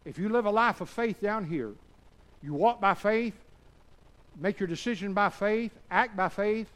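A high-voiced preacher man works the congregation, swinging from soft asides to ringing shouts. His tone is bright and cutting, and he keeps asking the church for an amen. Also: a little slow. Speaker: pastor. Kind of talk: sermon.

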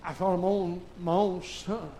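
A pastor, preaching a sermon. He swings from shouted, fervent preaching to soft, tearful confiding in a church. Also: high voice, steady tone, normal speed, a little hiss or hum, rough recording. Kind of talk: emotional sermon. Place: church sanctuary.

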